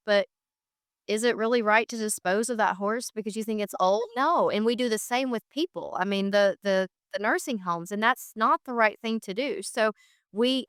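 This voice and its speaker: Woman, earnest, emphatic, mid pitch, smooth clear voice. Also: fairly bright tone, no room sound, studio quality. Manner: earnest, emphatic, repeats phrases for stress. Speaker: guest, founder of an equine therapy charity. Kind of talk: casual podcast conversation.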